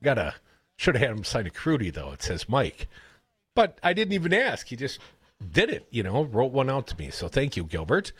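A man with a Wisconsin accent hosting a radio show, telling rambling stories in a casual, animated way. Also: mid-range voice, moderate pace, breathy edge, no room sound. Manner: chatty, rambling storyteller, animated. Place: radio studio. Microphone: studio broadcast mic.

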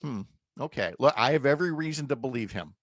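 Male radio host, casual, chatty, self-deprecating, dead-dry studio mic, mid pitch. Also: animated, fast talker, no room sound. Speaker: radio talk show host. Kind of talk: casual morning radio chat.

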